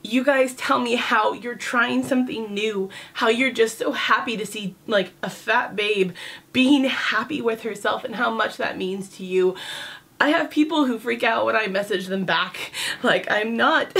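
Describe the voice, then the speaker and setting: A woman's voice: a little high, unhurried, gravelly, a bit bright, breathy edge. Candid, sassy woman vlogging. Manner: candid, chatty, sassy, lots of "like". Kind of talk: casual talk to camera.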